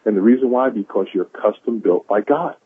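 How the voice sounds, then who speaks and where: A man's voice: lowish voice, fairly quick, breathy edge, no echo. A man giving an enthusiastic, preachy motivational talk on a conference call, repeating lines for emphasis. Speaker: caller sharing quotes of the day. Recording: tinny phone line.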